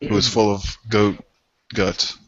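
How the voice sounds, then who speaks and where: A man playing a tabletop game, describing his character's actions hesitantly, with pauses and jokes. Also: fairly low pitch, little pitch movement, a little hiss or hum. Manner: hesitant, full of pauses and restarts, joking. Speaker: player. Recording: dry, dull lo-fi call audio.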